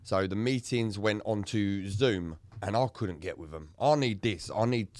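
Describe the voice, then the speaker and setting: Candid low-voiced man telling his story. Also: unhurried, dry recording. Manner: candid, swearing, animated storytelling. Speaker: podcast co-host. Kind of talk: casual podcast chat.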